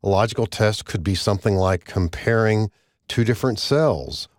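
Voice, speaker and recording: A man narrating a screen-recorded software tutorial, explaining each step in a measured, methodical way. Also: on the low side, dry recording, studio quality. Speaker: software instructor.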